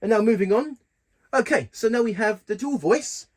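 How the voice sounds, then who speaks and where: A man giving a casual keyboard tutorial, talking haltingly and often stopping to correct himself. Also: high-pitched, expressive. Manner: halting, stops to correct himself mid-sentence. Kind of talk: casual demonstration walkthrough. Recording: loud keyboard music over the voice. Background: keyboard sounds being demonstrated.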